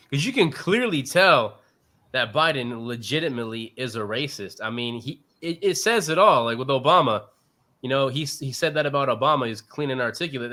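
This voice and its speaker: A man's voice: medium pitch, pushed and bright. A young man co-hosting a podcast, chatting casually in political banter, laid-back and laughing along, full of "bro" and "like". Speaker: podcast co-host.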